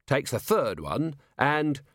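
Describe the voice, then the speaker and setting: A man voicing a gruff, sharp-minded male watch commander who questions in a brisk, impatient way. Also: medium pitch, very animated, no echo, studio quality, pitched above the performer's own voice, heavily acted. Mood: probing.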